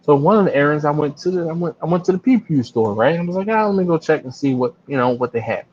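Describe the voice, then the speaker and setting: A man hosting a casual live stream, telling stories and acting out other people's voices in a much higher pitch. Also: lively intonation, quick pace, darkish tone, breathy edge. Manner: storytelling, acts out other people with big jumps in pitch. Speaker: barbecue channel host. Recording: slightly dull lo-fi live stream.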